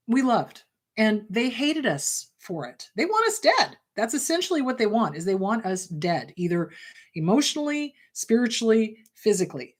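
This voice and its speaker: A middle-aged woman therapist hosting a live advice show, answering viewer questions in an emphatic, warm and reassuring way. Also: mid-range voice. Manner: emphatic, warm and reassuring, calls listeners sweetheart.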